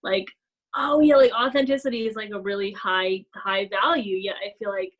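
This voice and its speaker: A woman co-hosting a casual chat, talking in an animated way with many "like" fillers and acting out gasping apologies. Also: mid-range voice, normal speed, low-quality recording. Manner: frequent "like" fillers. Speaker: podcast co-host.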